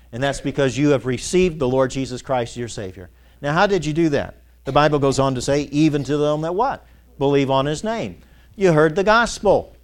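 A man preaching a sermon as pastor, asking his congregation to finish his sentences and telling folksy stories with chuckles. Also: fairly high pitch. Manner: call-and-response questions to the congregation.

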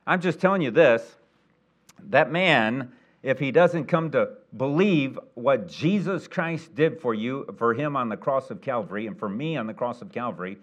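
Folksy preacher with rising emphatic peaks. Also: male voice, medium pitch, lively intonation, moderate pace. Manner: folksy storytelling with many restarts and uh fillers; swings between quiet asides and loud emphatic peaks. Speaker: pastor. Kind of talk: sermon.

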